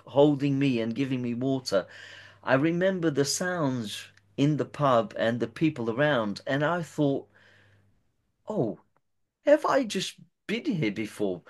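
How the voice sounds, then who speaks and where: A man in an interview tells a long personal story. His voice sits at an ordinary middle pitch. He talks in a halting way, often stumbling and repeating words as he goes.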